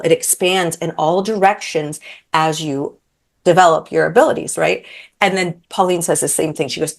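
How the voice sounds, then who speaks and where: A woman's voice: on the low side, a little fast. A woman in her thirties, a podcast guest, telling a story in casual chat and acting out quotes, with many fillers.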